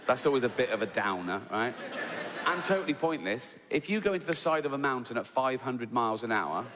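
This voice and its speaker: A man's voice: mid-range voice, lively intonation, a little fast, background noise. A middle-aged man doing stand-up comedy, chatty and swearing freely, tagging his lines with "right?". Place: large theatre stage. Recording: echoey theatre with faint ambience. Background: audience laughter.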